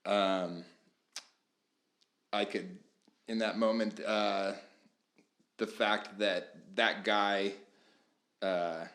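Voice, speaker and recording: Man, podcast host, low voice, relaxed, thoughtful, echoey room. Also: extremely slow, long pauses. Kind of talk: casual podcast chat.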